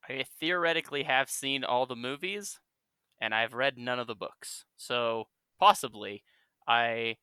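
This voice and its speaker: Brief: male co-host, bright crisp voice, analytical ranter. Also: medium pitch, measured pace, no room sound. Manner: ranting, analytical. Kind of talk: casual podcast chat.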